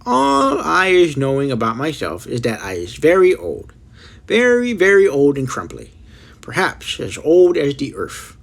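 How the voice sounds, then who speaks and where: A man's voice: wildly swooping pitch, a little slow, gravelly, exaggerated voice. A man voicing a very old, kindly giant who talks in jumbled, mangled grammar. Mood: rambling. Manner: mangled grammar, booming cries.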